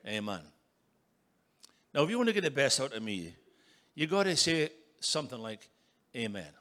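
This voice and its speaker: A man in his sixties preaching as a guest speaker, emphatic and building to loud calls for an amen. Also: medium pitch, big pitch swings, moderate pace. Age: 60s. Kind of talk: sermon.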